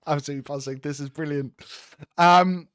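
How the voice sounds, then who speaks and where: A man hosting a casual live stream, talking excitably and rambling with stammered restarts. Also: on the high side, a little fast, dry recording, clean studio sound. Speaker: host.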